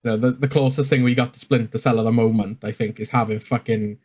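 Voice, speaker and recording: A man's voice: medium pitch, fairly even intonation, fast talker, a little mellow, husky. Rambling, swearing man on a podcast. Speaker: podcast co-host. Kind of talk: casual chat.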